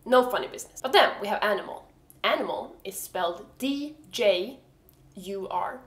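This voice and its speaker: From Sweden and speaking with a Swedish accent, a vlogger teaches pronunciation in a relaxed video, her humor blunt, profane, and exasperated. She sounds animated, with medium pitch, normal speed, and a fairly bright tone, and the room is reverberant.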